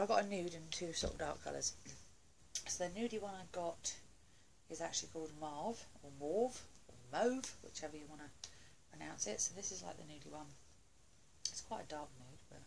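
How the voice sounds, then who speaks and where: A woman talks through a beauty haul from her home, chatty and full of gushing asides. Her voice sits low with a gravelly edge. A faint hiss of noise sits behind the recording. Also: low-quality recording. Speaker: beauty vlogger. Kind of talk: casual haul review.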